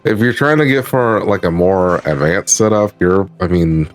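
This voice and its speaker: Deep-voiced man explaining tech casually. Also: animated, normal speed, faint music behind. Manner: matter-of-fact explaining, casual swearing. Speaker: guest on a stream. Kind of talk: casual chat.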